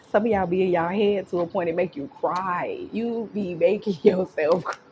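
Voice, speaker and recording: A woman's voice: lowish voice, measured pace, background noise. A young woman giving a casual tarot reading. She swears freely and laughs often. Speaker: tarot reader.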